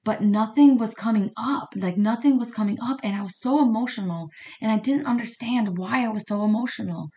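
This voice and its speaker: Brisk and on the high side, with a dark tone, a woman who reads cards and works as a medium chats away in a podcast monologue. She regularly checks in with her audience, tossing in "you know what I mean" and "right?".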